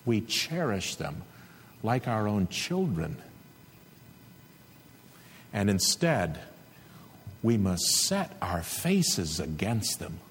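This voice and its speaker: A male preacher delivering an earnest, emphatic sermon with a husky voice. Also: fairly low pitch, very animated, drawn-out words, pauses often, big-room sound, slight background noise. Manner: earnest, emphatic exhortation with rising intensity.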